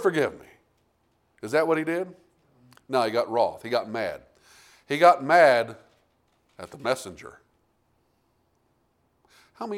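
A man preaching a sermon, reading King James scripture and calling out to the congregation, with big swings between loud and quiet. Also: fairly high pitch. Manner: animated preaching with big swings in loudness, asking the congregation "Amen?".

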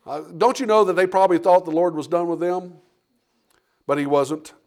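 In a church sanctuary, a pastor with a high-sitting voice preaches a sermon to his congregation at normal speed. He poses rhetorical questions, acts out the story's dialogue, and repeats words as he builds each point.

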